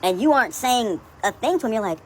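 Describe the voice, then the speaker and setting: A woman's voice: a little high, expressive, fast, slight background noise, low-quality recording. A woman ranting casually in a profane, sarcastic, exasperated way. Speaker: commenter. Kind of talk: casual opinion rant.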